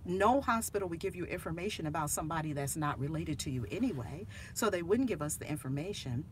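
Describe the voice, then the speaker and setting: A woman hosting her channel as a minister, telling a family story in casual chat, animated and laughing, acting out the voices of the people in it. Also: sits low, fast talker, a little hiss or hum.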